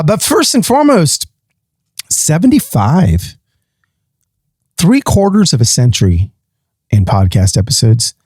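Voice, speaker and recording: A man's voice: on the high side, a little mellow, no room sound, studio quality. A man hosting his own podcast in a playful, sing-song, chatty way. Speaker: podcast host. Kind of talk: casual solo podcast talk.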